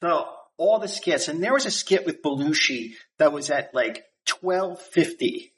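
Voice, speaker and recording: A man with a slightly higher voice talks casually on a podcast. He wanders through a memory, cuts himself off and circles back. His tone is loose and unhurried. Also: animated, a bit bright. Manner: rambling, self-interrupting. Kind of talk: casual chat.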